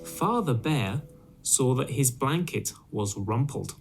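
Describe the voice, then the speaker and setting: Slow, expressive male storyteller. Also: lowish voice. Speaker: storyteller for English learners. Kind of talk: storybook reading aloud.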